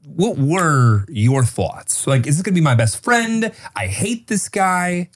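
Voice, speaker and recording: A man's voice: fairly high pitch, very animated, slow. A man in his thirties hosting a podcast, teasing his guests and cutting in with pointed questions. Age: 30s. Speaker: podcast host. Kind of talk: casual podcast chat.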